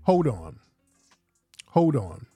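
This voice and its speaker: A man's voice: medium pitch, sing-song, extremely slow, warm tone, breathy edge, soft background music. A man hosting a podcast, giving casual commentary in streetwise slang and repeating himself for emphasis. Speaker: podcast host.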